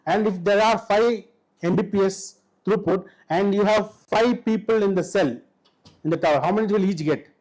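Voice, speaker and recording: A man with an Indian English accent giving a classroom lecture in a college hall, constantly quizzing his students with quick questions. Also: high-pitched, darkish tone.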